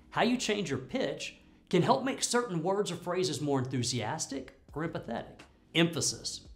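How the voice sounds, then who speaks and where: A man's voice: on the high side, gravelly. A man teaching sales technique as a trainer, coaching and laying out tips point by point. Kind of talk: instructional talk on sales technique. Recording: faint background music.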